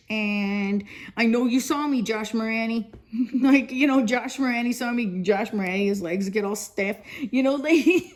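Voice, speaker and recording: A woman in her fifties telling a long rambling story for her vlog, repeating herself, laughing often and swearing bluntly. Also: a little high. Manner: rambling, repetitive, laughs often between phrases; blunt and profane. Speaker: vlogger.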